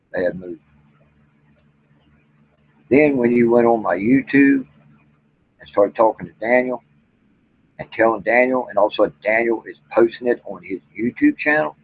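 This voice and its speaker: Man, husky voice, blunt profane rant, tinny phone-like sound. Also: mid-range voice, dry recording. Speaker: vlogger and Bigfoot researcher. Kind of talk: angry rant to camera.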